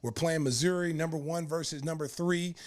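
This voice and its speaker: A man in his fifties from Oklahoma, hosting a podcast and telling a story in a rambling, animated way, full of fillers and restarts. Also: on the high side, brisk. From Oklahoma, United States. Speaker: podcast host. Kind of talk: casual storytelling.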